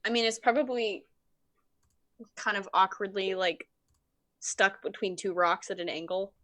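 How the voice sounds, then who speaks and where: A woman's voice: mid-range voice, measured pace, fairly bright tone. A woman playing in a tabletop game, describing things hesitantly with many fillers. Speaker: player. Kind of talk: casual tabletop game chat.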